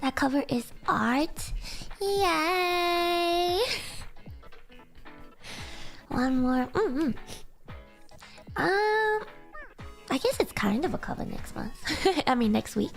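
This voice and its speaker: A woman's voice: very high-pitched, animated, slow, creaky, faint music behind. A woman streamer chatting casually and reading donations, bubbly and giggly with lots of fillers, her voice still sleepy and just waking up. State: sleepy morning voice.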